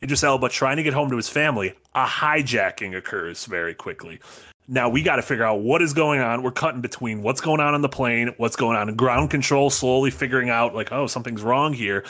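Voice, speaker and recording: Man, podcast co-host, casual and animated, bright voice. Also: medium pitch, fairly quick. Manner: enthusiastic, animated recapping. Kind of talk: casual chat.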